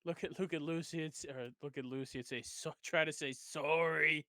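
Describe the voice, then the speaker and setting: A man's voice: on the high side, steady tone, fairly quick, sharp tone, no room sound. A man playing a tabletop role-playing game, talking in a casual, hesitant way. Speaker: player.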